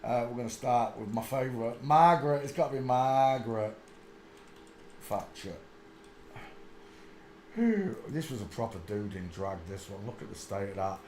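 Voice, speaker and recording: A man's voice: medium pitch, expressive, normal speed, pauses often, a little mellow, slight background noise. A man, rambling crudely through a casual live stream and mocking himself. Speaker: host. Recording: echoey room.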